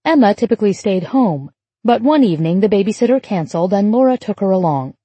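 A female audiobook narrator reading a novel in an even, literary way. Her voice is warm and mellow with a breathy edge. The recording is close and dry. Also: mid-range voice, fast talker, dry recording. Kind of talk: scripted narration.

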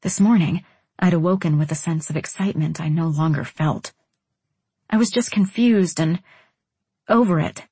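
A woman narrating a first-person romance audiobook in a measured, intimate storytelling manner. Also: deep voice, warm tone, breathy edge, dry recording.

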